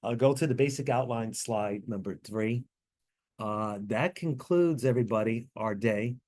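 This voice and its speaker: A man leading a tax training class over a video call, explaining answers step by step with frequent fillers and quick apologies. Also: mid-range voice, a little mellow.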